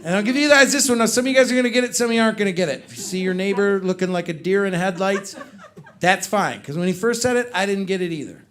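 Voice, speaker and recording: A man doing a stand-up comedy set, telling animated stories and putting on voices for friends. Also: sits high, fast. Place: comedy club stage with live audience. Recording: loud live crowd laughter. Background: audience laughter.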